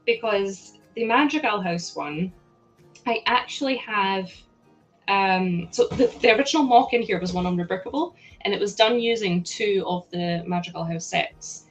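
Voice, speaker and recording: Scottish woman, livestream host, bubbly and giggly, mid-pitched voice, faint music underneath. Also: normal speed. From Scotland. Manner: bubbly, laughs often, greets chat excitedly. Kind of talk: casual livestream chat while building.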